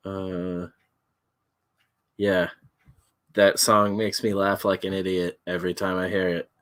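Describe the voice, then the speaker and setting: A man co-hosting a casual late-night chat, drunk and high, who keeps breaking into giggles while he talks. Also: level tone, slow, a bit bright. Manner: giggly, laughing through his words. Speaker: podcast co-host.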